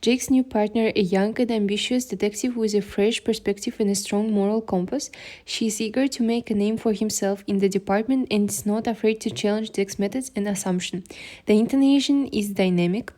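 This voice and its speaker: A woman reading a class presentation from her notes, slow and careful, with occasional restarts. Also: mid-range voice, mellow. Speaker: student presenter.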